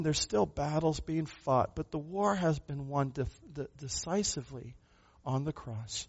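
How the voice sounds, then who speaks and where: A pastor preaching a sermon, a man who speaks with emphasis, asks rhetorical questions and moves between loud and soft passages. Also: on the high side, measured pace, hardly any pauses, breathy edge, highs cut off.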